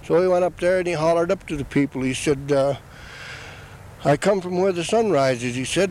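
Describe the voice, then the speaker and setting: A man's voice: a little high, a little mellow, slight background noise, low-quality recording. Older man telling an old tale, plain-spoken. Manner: unhurried, plain-spoken, repeats "he said" between quoted lines. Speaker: storyteller. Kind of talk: oral traditional storytelling.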